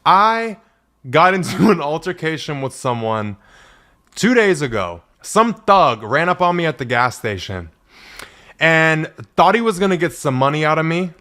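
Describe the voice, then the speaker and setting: Blunt, profane podcast man, higher voice. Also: sing-song, unhurried, sharp tone. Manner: blunt, profane, laughs often at his own jokes. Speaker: podcast host. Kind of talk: solo podcast monologue. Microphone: podcast mic.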